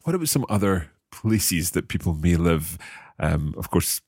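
Man, very deep voice, gravelly, unhurried, curious podcast learner, dry close sound. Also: lively intonation, darkish tone, no echo. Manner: curious, chuckling, slow careful repetition. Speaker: podcast co-host learning Mandarin. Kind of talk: casual language-lesson chat.

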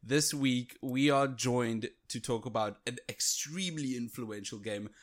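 A man co-hosting a casual video game podcast, talking in an excitable, animated way. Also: mid-range voice, unhurried. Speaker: podcast co-host. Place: home setup, virtual studio.

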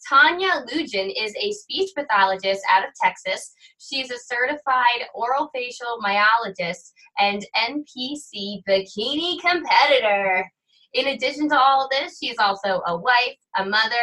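A woman in her thirties co-hosts a casual chat show, her voice bright and a little high. She teases her co-host and guests in a playful way and laughs easily. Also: expressive, moderate pace, poor audio. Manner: playful, teasing, laughs often. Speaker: podcast co-host.

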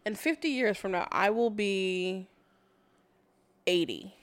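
A woman's voice: medium pitch, expressive, slow. A woman in her thirties co-hosting a casual podcast with her sibling, teasing, swearing freely and laughing. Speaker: podcast co-host. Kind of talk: casual chat.

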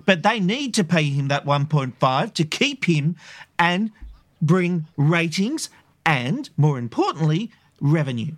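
A man's voice: a little high, sing-song, unhurried, no room sound. A man co-hosting a podcast, chatting casually and assertively steering the conversation. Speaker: podcast co-host.

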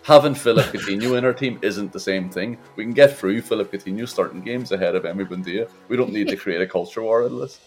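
A man's voice: fairly low pitch, quick pace, hardly any pauses, soft background music. A man co-hosting a casual football podcast, riffing in a sweary, mocking comic way. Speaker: podcast co-host.

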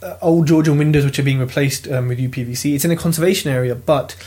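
A British man telling a property auction story in a lively, casual vlog, swearing freely as he goes. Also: medium pitch, fast. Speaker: property investor vlogger. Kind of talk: casual chat.

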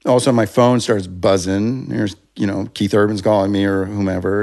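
A man's voice: lowish voice, moderate pace, vocal fry, few pauses, darkish tone. A man, a music producer, telling a long story in a casual interview, rambling and restarting, acting out what people said. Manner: rambling, self-interrupting, acts out quotes.

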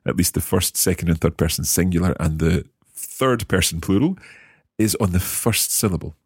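A man teaching a language lesson, patient and encouraging, slowing down to model pronunciation. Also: low voice, husky, dry recording, clean studio sound. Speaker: language teacher and podcast host.

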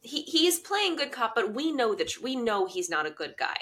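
A young woman co-hosting a casual recap chat, eager and agreeable, quick to chime in. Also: a little high, very animated, a bit bright. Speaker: podcast co-host.

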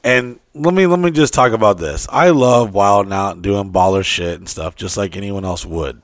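A man's voice: lowish voice, normal speed, dry recording, studio quality. A young man in casual chat, telling crude stories in a rambling, loose way.

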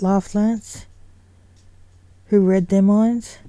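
A woman reading a story aloud at an even, unhurried pace. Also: mid-range voice, no room sound.

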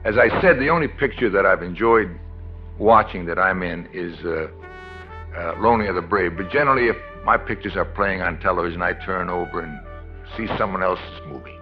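A middle-aged man, a film star, being interviewed on stage and telling lively anecdotes in which he acts out the other people. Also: sits low, a little fast, over music. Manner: animated storyteller who acts out the people in his stories. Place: film theatre stage before an audience. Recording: dull archive recording with faint hiss.

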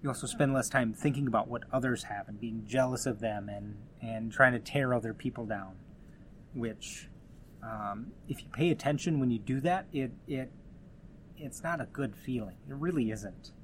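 A man talks through his solo podcast in a loose, conversational way. He rambles, restarts his sentences and drops in asides as he goes, at a middle pitch for a man. A faint hum sits under his voice. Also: moderate pace. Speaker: podcast host. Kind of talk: casual solo podcast talk.

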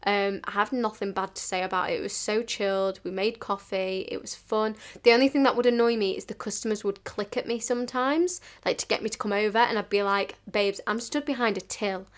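A woman's voice: medium pitch, steady tone, a little fast, few pauses. Chatty woman in her twenties. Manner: chatty, fillers like "like", acts out quoted dialogue. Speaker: podcast host. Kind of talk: casual chatty storytelling.

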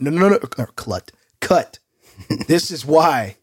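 A man's voice: a little high, breathy edge. Joking male podcast co-host. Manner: animated and joking, quick to laugh. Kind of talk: casual chat.

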